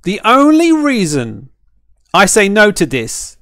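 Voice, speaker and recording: A man with a high, lively voice that leaps around as he rants through a reaction stream. He keeps checking in with "right?" and sounds close and dry, with no room around him. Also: slow, no room sound. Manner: animated, ranting, keeps asking "right?". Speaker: streamer and fighting game caster. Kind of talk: ranting reaction stream chat.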